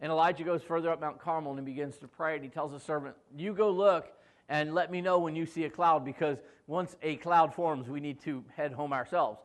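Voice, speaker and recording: Brisk and steady, this man's voice sits on the high side. He's a pastor giving a joking, casual retelling of a scripture story, voicing the quoted characters and turning to the congregation with asides in between.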